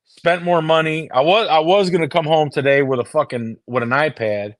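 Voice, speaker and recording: A man's voice: on the high side, moderate pace, no echo, studio quality. A man from the US chatting casually to his viewers on a phone, swearing constantly and restarting his sentences. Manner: heavy swearing, restarts and repeated words. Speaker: streamer talking to viewers. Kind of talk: casual rambling chat.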